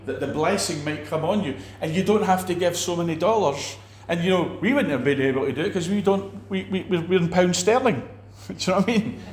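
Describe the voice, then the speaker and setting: Guy preaching in a chatty way, bit higher voice, roomy echo. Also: brisk, few pauses. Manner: animated, acts out quoted preachers, many restarts. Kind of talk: conversational teaching on faith.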